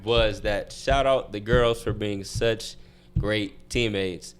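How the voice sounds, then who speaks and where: A young man with a notably low voice talks as a guest on a casual podcast. He tells stories loosely, restarting sentences and circling back as he goes. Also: slow, smooth. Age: young adult. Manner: relaxed, rambling storytelling with many restarts. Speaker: guest athlete. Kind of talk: casual interview chat.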